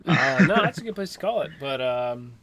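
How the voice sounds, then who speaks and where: A man's voice: mid-range voice, big pitch swings, a little fast, fairly bright tone, slight background noise. A man co-hosting a gaming podcast, chatting loosely with lots of fillers and restarts. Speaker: podcast co-host. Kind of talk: casual chat.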